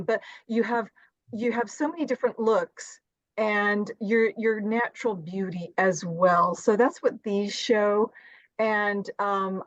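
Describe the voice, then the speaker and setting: A British woman co-hosts with gushing praise, speaking at a middle pitch. Her line sounds dull and lo-fi and has no echo. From Britain. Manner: effusive, full of compliments. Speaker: podcast co-host. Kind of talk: casual interview chat.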